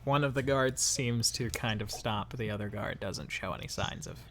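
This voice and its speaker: A man narrating as game master in a casual tabletop session, laughing often and filling pauses with "um". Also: mid-range voice, background noise.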